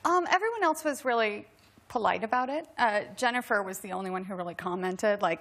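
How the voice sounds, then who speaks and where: Female guest actor, animated and giggly, heavy background noise. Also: medium pitch, a little fast. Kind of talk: talk show anecdote.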